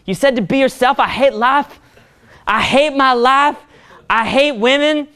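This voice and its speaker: A man's voice: very high-pitched, a little slow, sharp tone, clean tone, pitched above the performer's own voice, heavily acted. A man putting on the voice of a bitter young male gamer who hates talking to people, whiny and crude. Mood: sulky.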